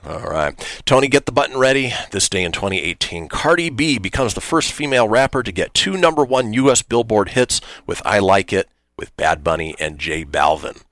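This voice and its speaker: A man's voice: lowish voice, expressive, a little fast, few pauses, fairly bright tone, no room sound. A man hosting a radio show, reading history items in an easygoing way and chatting casually. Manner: easygoing, reads history items with light jokes.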